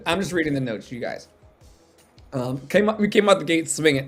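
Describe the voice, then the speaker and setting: A man's voice: on the high side, sing-song, brisk, faint music behind. A man hosting a casual livestream chat, playful and joking as he reads from his notes. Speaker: podcast host.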